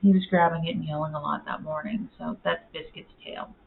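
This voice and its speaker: A woman's voice: low-pitched, steady tone, fairly quick, creaky. A woman chatting casually in a home vlog, rambling with lots of fillers and cooing at her cats in baby talk. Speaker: vlogger. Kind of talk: casual chat. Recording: tinny phone-like audio with faint noise.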